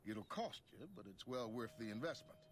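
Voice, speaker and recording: An actor playing a shifty wasteland gambler and scavenger who talks in a folksy, wheedling way. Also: male voice, medium pitch, animated, normal speed, slight background noise, close to an everyday voice. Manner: folksy, wheedling salesman talk.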